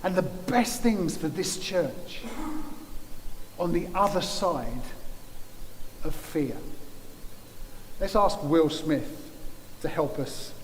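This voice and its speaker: Guest preacher, male, high voice, emphatic, repetition-driven delivery; church hall with long reverb. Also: animated, takes it slowly, pauses often, a little hiss or hum. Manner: emphatic, builds with repeated phrases. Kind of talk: sermon.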